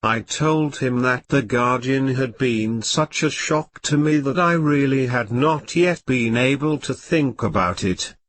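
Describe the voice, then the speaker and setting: A computer-generated male voice narrating an audiobook in a slow, even reading. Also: mid-range voice.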